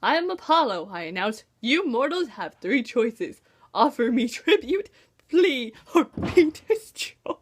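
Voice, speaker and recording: A woman's voice: fairly high pitch, big pitch swings, unhurried, a little hiss or hum. A woman voicing a vain male god turned mortal teen, reading a book excerpt aloud in a grandly self-important way. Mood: grandiose.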